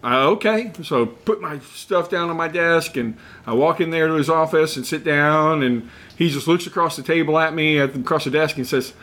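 Middle-aged male co-host, bright and slightly high voice, rambling storyteller. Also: normal speed. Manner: rambling, animated when quoting others. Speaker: podcast co-host, former car salesman. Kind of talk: casual storytelling chat.

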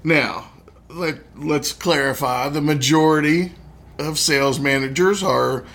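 A man's voice: a little high, a little slow, a bit bright. A middle-aged man, a former sales manager, co-hosting a podcast in casual chat, joking and sarcastic. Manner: joking, sarcastic, does mocking impressions.

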